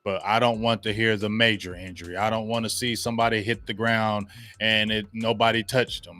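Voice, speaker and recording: A man hosting a sports podcast, talking in a casual, slangy, animated way and laughing often. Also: lowish voice. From Ohio. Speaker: podcast host.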